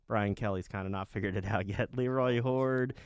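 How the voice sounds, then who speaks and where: A man's voice: sits low, gravelly, dry recording. A man hosting a sports radio show, bantering in an emphatic, firm way and laughing easily. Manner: emphatic, flatly refusing, quick to laugh.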